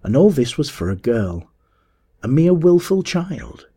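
A man narrating a story in a measured, expressive audiobook reading. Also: on the high side, breathy edge.

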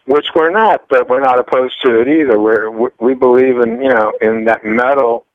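A man's voice: mid-range voice, normal speed, dry recording. A man from France speaks as a guest musician in a casual radio interview, telling stories in a rambling way and repeating his words. The sound is dull and lo-fi, and dry.

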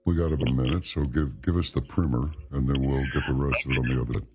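A man hosting a radio talk show, briskly steering his guest toward a break and reading ads. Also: fairly even intonation, dull audio. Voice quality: very deep and gravelly.

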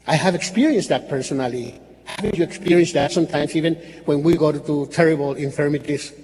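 A Catholic priest preaches a sermon earnestly and repetitively, with slips and restarts. His slightly high voice is brisk and darkish with a breathy edge, recorded with faint hall reverb and background noise.

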